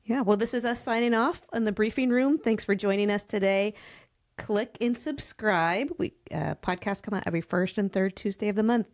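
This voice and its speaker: A woman's voice: mid-range voice, moderate pace. A woman hosting a business podcast, supportive and affirming, wrapping up with thanks and a sign-off. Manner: affirming, supportive, frequent "yeah" and "mm". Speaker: podcast host.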